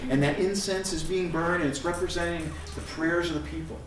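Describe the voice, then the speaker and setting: Middle-aged man, pastor's sermon, fairly high voice, animated storyteller, roomy echo, mic at a distance. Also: fairly quick. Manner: animated storytelling, acts out scenes. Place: church sanctuary. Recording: echoey room from a distant mic, faint noise.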